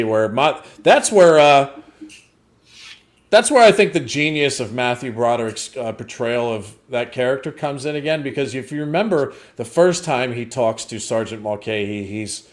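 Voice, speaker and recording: Animated young man recounting movie scenes. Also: medium pitch. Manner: animated, quotes scenes with laughter and swearing. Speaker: movie review podcast co-host. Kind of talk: casual chat.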